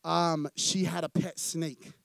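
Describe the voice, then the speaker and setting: A man's voice: fairly high pitch, slow, vocal fry, no room sound. A young man preaching a sermon in church, telling stories casually and acting out the characters, often restarting and repeating words. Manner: casual and animated, acting out quoted characters in storytelling. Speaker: pastor.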